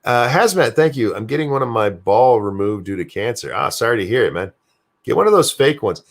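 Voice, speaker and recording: A man's voice: medium pitch, very animated, fairly quick. An older American man, a grandfather, hosting a live stream alone, chatting casually, reading viewer messages aloud and swearing freely as he rambles. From United States. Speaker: show host reading live chat.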